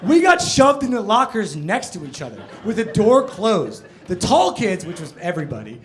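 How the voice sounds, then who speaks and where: A man around forty from New Jersey doing a stand-up comedy set on a club stage, an animated storyteller who leaps to loud punchlines. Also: high-pitched, normal speed. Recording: roomy club sound with noise.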